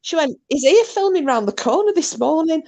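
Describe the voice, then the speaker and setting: A woman co-hosting a casual chat, telling a story with animated delivery and plenty of swearing. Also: high-pitched, brisk, no echo, lo-fi sound. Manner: animated, swearing, shrieking when acting out herself. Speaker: co-host.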